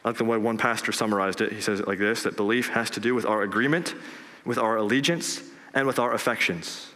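Earnest preacher in a reverberant hall. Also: male voice, fast talker, pushed and bright. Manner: earnest preaching, rising for emphasis, drops low on key words. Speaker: pastor. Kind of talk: sermon. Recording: long reverb of a large hall.

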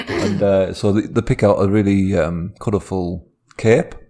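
A man's voice: low-pitched, steady tone, a little slow, mellow. A man telling an improvised comedy story in a rambling, playful manner.

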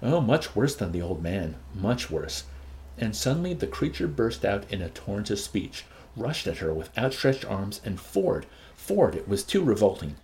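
A man hosting a show and reading a novel aloud in an expressive, varied voice. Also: on the low side, normal speed, slight background noise.

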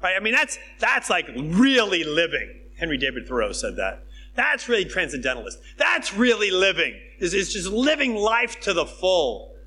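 A man preaching a sermon in a conversational, emphatic way, dropping to hushed tones and then rising with excitement. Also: high-pitched, moderate pace, slight background noise. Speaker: pastor.

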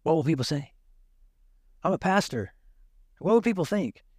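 A man's voice: a little high, lively intonation, normal speed, a little mellow, breathy edge, no echo, clean studio sound. A man, a pastor, preaching a sermon and retelling a story with quoted dialogue.

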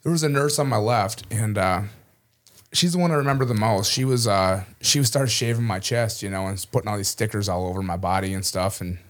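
Male veteran guest from Minnesota: casual, quick storyteller with a lowish voice who laughs a lot. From Minnesota, USA. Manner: casual, chuckles often, many "you know" fillers. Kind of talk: personal storytelling in an interview.

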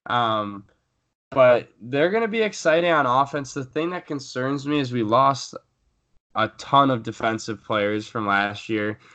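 A man's voice: mid-range voice, expressive, unhurried, sharp tone. Rambling young man talking football. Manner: rambling, frequent fillers and restarts. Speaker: podcast co-host. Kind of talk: casual sports chat.

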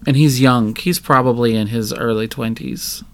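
A man's voice: medium pitch, normal speed. A man running a tabletop role-playing game as game master, narrating scenes in descriptive detail. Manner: descriptive narration with filler and restarts.

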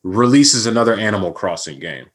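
A man's voice: fairly low pitch, brisk, husky. A man co-hosting a podcast, ranting in casual banter with mock outrage. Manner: animated, mock-outraged ranting about collecting. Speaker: podcast co-host.

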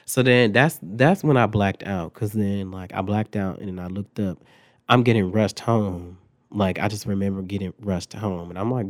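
A young man telling a profane storytime on his vlog, animated and jumping his pitch and volume up when he quotes people. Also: normal speed. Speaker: vlogger.

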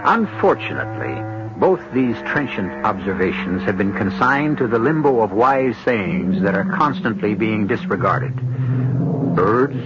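Wry, measured man hosting a radio drama. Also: on the low side, very animated, heavy background noise. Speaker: host. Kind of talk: scripted radio drama introduction. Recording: dull old radio broadcast with music.

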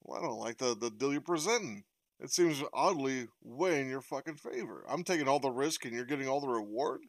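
A man's voice: mid-range voice, expressive, fairly quick. A man playing a tabletop game, speaking in character, bargaining hard with a wry, swearing manner. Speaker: player.

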